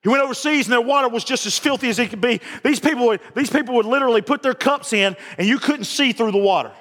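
High-voiced, folksy preacher. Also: male voice, fast talker, a bit bright. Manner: folksy, emphatic preaching with repeated phrases. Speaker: pastor. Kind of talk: sermon. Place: church sanctuary. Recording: long reverb of a large hall.

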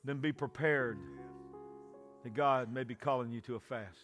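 A man preaching a sermon, often shouting and calling for responses from the congregation. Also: mid-range voice, fairly even intonation, moderate pace, soft background music. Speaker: pastor.

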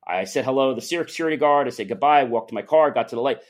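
A man's voice: medium pitch, rapid-fire. A man telling a personal story as an interview guest, acting out the voices of the people in it. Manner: animated, acts out the other people's voices.

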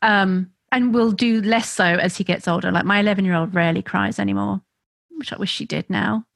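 A woman's voice: medium pitch, fairly even intonation, a little fast, gravelly, no echo. A woman co-hosting a casual parenting podcast, talking freely and laughing, now and then acting out what children and parents say. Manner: warm, laughing, acts out children's and parents' voices. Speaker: podcast co-host.

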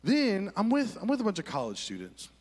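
Animated man telling a sermon story. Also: high-pitched, brisk. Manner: animated storytelling with voiced quotes. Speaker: pastor. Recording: long hall reverb.

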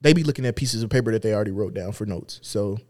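A man's voice: fairly low pitch, fast talker, a little mellow. A man co-hosting a casual podcast, laid-back and teasing in his banter. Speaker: podcast co-host.

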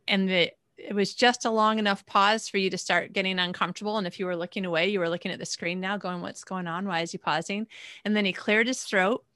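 A woman hosting a podcast, chatting and telling a story in an animated way. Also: mid-range voice, no echo, clean studio sound. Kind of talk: casual podcast conversation.

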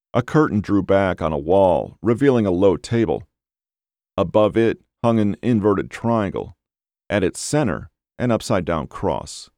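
A man narrating a dark novel as an audiobook, in a measured, unhurried way. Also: sits low, no room sound, studio quality.

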